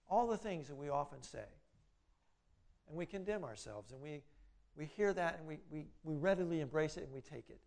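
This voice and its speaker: A middle-aged man preaching a sermon, rising loud on his exhortations and dropping quiet and low when he voices inner doubts. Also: lively intonation, moderate pace, gravelly, long pauses. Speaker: pastor.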